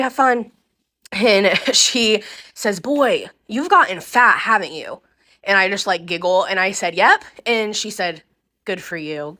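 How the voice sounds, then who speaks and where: Bright-voiced woman telling candid stories. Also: fairly low pitch. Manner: candid, swears freely, many ums. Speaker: hospice volunteer telling stories. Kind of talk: casual storytelling to camera.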